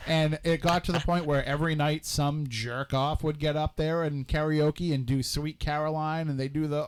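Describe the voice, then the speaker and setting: A man from Massachusetts hosting a casual radio talk show, ranting in an opinionated, animated way. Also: on the high side, moderate pace, hardly any pauses, clear, resonant tone.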